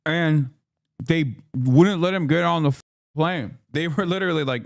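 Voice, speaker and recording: A man's voice: on the high side, normal speed, gravelly, no room sound, studio quality. A man streaming heated political commentary, talking indignantly with frequent restarts and fillers.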